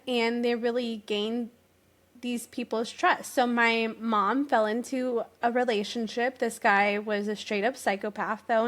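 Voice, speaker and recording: A woman guest on a talk show, chatting earnestly and telling her story, sometimes searching for words. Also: a little high. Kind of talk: casual interview chat.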